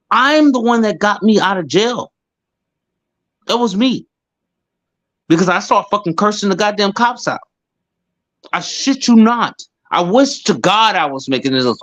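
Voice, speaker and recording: A man's voice: high-pitched, fairly bright tone. A man co-hosting a casual chat, rambling through profane, heated rants. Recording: dull lo-fi sound.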